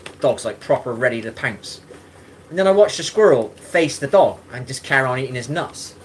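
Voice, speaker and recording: A man's voice: mid-range voice, animated, a little fast, a little hiss or hum. A man hosting a live stream in casual chat, rambling, swearing and greeting viewers by name.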